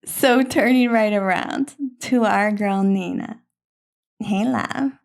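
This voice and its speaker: A woman hosting a film reaction, talking in an earnest, soft-spoken, emotional way with long pauses. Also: mid-range voice, gravelly. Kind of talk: reflective reaction monologue.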